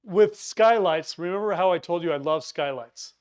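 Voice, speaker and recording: A man's voice: high-pitched, normal speed, a little mellow, clear, resonant tone. A man giving a casual preparedness lesson, chatty, often stumbling over words and restarting his sentences. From Utah. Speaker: preparedness instructor. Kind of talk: informal teaching talk.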